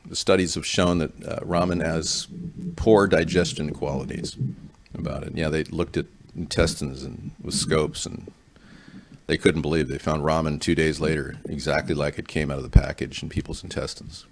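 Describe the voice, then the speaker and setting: A man's voice: a bass voice, steady tone, moderate pace, gravelly. A man in his fifties hosting a home cooking show, chatting and rambling with folksy asides as he cooks in his kitchen on a close-up mic. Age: 50s. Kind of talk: casual cooking demonstration. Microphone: close-up wired mic. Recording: noisy recording.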